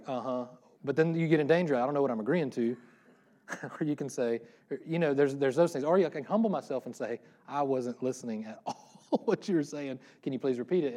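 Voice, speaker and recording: A middle-aged pastor preaching a casual sermon, talking quickly with joking asides about himself. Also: male voice, mid-range voice, mellow. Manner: fast-talking, self-deprecating, joking asides.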